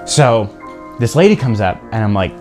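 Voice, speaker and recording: A man's voice: lowish voice, big pitch swings, moderate pace, music in the background. A young man co-hosting a casual podcast chat, telling stories and acting out the people in them. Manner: storytelling, acts out customers in funny voices. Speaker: podcast co-host.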